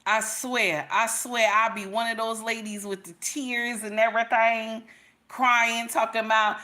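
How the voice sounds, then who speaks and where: Middle-aged woman livestream host, bright voice, emphatic and repetitive. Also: on the high side, fairly even intonation, measured pace. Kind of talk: casual livestream commentary.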